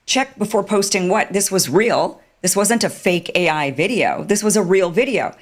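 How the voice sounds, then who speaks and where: A woman giving animated, sarcastic online commentary and mocking others with put-on quotes. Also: mid-range voice, normal speed. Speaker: political commentator.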